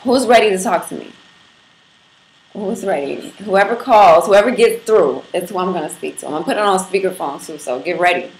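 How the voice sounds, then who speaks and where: Talking fairly quickly in an animated, low-leaning voice, a Brooklyn woman runs a casual livestream and speaks right to her viewers. She's brash, profane and playful, and her apartment room sounds echoey with faint background noise.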